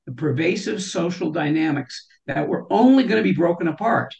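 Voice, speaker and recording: A woman's voice: lowish voice, expressive, fairly quick, creaky, darkish tone, dull audio. A woman guest in a conversational interview, talking thoughtfully and often saying "you know".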